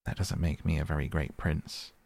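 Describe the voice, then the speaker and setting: A man voicing a small, polite, wistful boy prince in an audiobook reading, earnest and soft. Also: very deep voice, flat delivery, moderate pace, gravelly, dry recording, exaggerated voice. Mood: sad.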